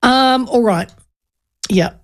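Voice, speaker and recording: A woman's voice: on the high side, slow. A woman, hosting a radio show in casual, rambling chat. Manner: chatty, rambling storytelling with many restarts. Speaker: radio host.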